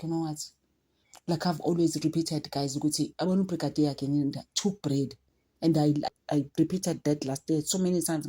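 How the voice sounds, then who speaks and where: A woman's voice: low voice, warm tone. A woman giving emotional, chatty commentary to her viewers, often addressing them directly. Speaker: commentary vlogger. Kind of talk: casual commentary.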